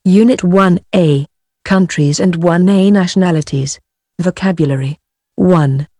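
Slow, measured woman reading a textbook. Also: lowish voice, warm tone, no echo, clean studio sound. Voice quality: measured, carefully enunciated word-by-word delivery. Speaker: coursebook audio reader.

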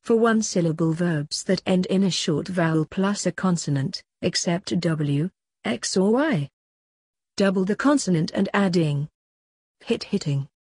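A woman slowly reading grammar drills for a course book in a measured, clearly enunciated way. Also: on the low side, expressive, darkish tone, no echo, studio quality. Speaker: course audio narrator. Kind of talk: scripted textbook audio reading.

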